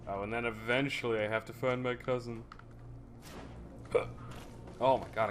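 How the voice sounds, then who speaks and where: A man's voice: mid-range voice, fairly even intonation, normal speed, slight background noise. A man giving casual, joking gameplay commentary as a let's play host, rambling and swearing freely. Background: game music.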